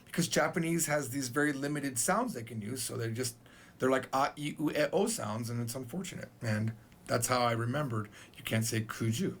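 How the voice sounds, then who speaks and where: A man's voice: medium pitch, brisk, slight background noise. A man teaching a casual Japanese numbers lesson, playful and joking as he goes.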